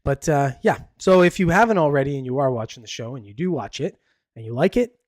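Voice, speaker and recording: A man's voice: medium pitch, lively intonation, fast talker, darkish tone, no echo, clean studio sound. A man hosting a podcast alone, chatting casually about the news in a rambling way, full of fillers and restarts. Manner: opinionated and chatty. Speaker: podcast host. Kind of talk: casual solo news chat.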